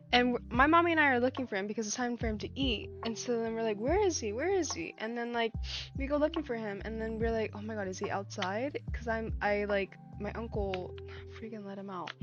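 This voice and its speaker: Chatty young woman livestreamer, lo-fi. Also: a little high. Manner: chatty storytelling with many fillers and restarts. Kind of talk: casual chat. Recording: dull lo-fi stream audio with faint music.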